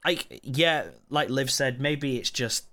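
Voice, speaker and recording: Male co-host, bright tone, casual, blunt and sweary. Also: medium pitch, slow. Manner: blunt, swearing, laughing asides. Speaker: podcast co-host. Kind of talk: casual movie review chat.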